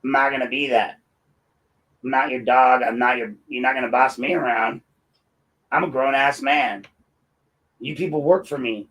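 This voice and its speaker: A man's voice: mid-range voice, normal speed, long pauses, fairly bright tone, rough recording. A man hosting his own show, ranting in a combative and mocking commentary. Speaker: host and local activist.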